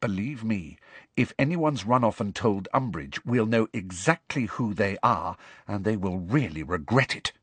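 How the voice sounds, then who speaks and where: Casting: man reading a prim know-it-all schoolgirl, husky edge, lifted pitch, dry close sound. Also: huge pitch swings, no room sound. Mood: grim. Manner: brisk, prim, lecturing. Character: clever bossy teenage schoolgirl. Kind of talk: audiobook character voice.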